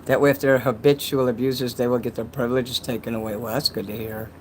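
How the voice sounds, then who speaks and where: A man's voice: medium pitch, little pitch movement, fast talker, background noise. A man casually chatting on a livestream, reading donations and rambling with crude jokes and many restarts.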